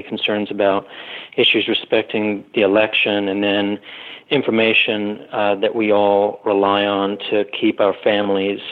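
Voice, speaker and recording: A man co-hosting a panel discussion, talking in a hesitant, rambling way with many fillers. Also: on the low side. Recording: tinny phone-like remote line.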